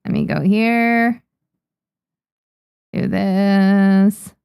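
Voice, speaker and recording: A young adult manga artist streaming to chat talks casually into her desk mic, thanking viewers amid frequent ums. Her mid-range voice is steady, creaky, and darkish with drawn-out words and a clean tone, captured in clean studio sound with no echo.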